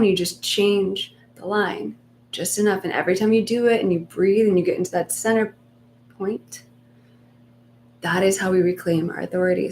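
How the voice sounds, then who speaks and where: A woman talks her listeners through a live meditation session in a soft, unhurried, reassuring way, at times sinking nearly to a whisper. Her voice sits in a middle register. A faint hum runs under the recording. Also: mid-range voice. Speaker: meditation coach. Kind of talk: live-streamed guided meditation talk.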